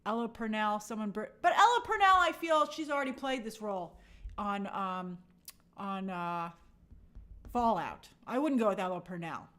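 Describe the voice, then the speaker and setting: A woman's voice: mid-range voice, lively intonation, normal speed, fairly bright tone. A woman hosting a live movie news stream, chatting and reading viewer comments with frequent restarts and opinionated asides.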